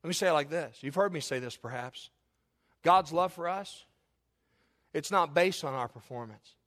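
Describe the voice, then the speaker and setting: Preaching with passion, a middle-aged pastor calls out rhetorically to his congregation with questions and appeals. He speaks at a moderate pace in a fairly high, slightly bright voice.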